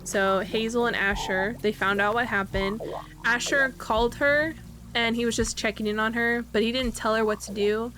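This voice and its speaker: Chatty woman, fairly high voice. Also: steady tone, normal speed, sharp tone, soft background music. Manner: chatty, many fillers and tag questions. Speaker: channel host. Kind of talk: casual storytime narration of a life-sim game.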